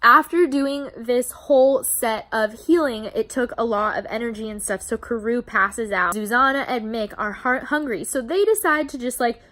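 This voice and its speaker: A woman's voice: on the high side, normal speed, few pauses, a bit bright. A young woman casually recapping a novel for her book channel, chatty and openly emotional, swearing now and then. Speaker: book vlogger.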